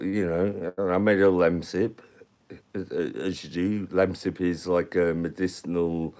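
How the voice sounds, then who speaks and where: A man's voice: sits low, dark tone. A man chatting casually and rambling to viewers on a live stream. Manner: rambling, chatty, talks to the chat.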